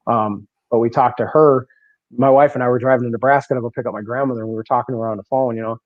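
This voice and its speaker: Quick-paced and fairly even in intonation, a man with a mid-range voice tells stories as a guest on a bowling podcast interview. He's casual and animated, often laughing and repeating himself, in dry, slightly dull lo-fi audio with no echo.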